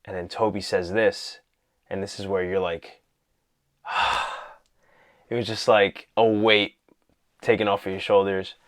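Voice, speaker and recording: A man casually talking through a film he loved, excited and rambling, full of "you know" and "like". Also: low voice, takes it slowly, pauses often. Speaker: vlogger reviewing a film. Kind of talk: casual movie talk.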